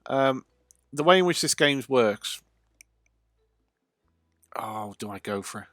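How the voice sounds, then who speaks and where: A man talking over a live video game stream, loose and chatty, pausing often with ums and uhs. His voice sits at an ordinary middle pitch. The sound is dry and close, with no room echo. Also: expressive, a bit bright. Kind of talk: casual let's-play livestream commentary.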